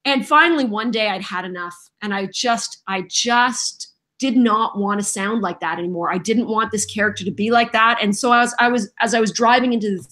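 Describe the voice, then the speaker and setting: A middle-aged woman, a voice actress guest on a podcast, telling lively stories and acting out voices and quotes in casual chat. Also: medium pitch, a little fast. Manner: lively storyteller who acts out voices and quotes.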